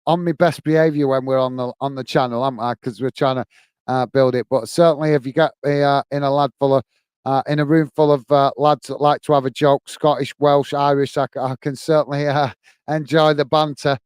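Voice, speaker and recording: A man from the United Kingdom chats with viewers during a live football watch-along, calling the match, reading comments and thanking fans by name. His medium-pitched voice is brisk, level and darkish with a clean tone, recorded in clean studio sound without room sound. Fillers and restarts run through his friendly, rambling banter.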